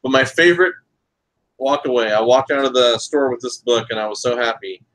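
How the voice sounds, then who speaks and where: A man's voice: mid-range voice, fairly quick, a bit bright, rough recording. A man co-hosting a casual comics podcast, laid-back and jokey, greeting chat viewers. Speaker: podcast co-host.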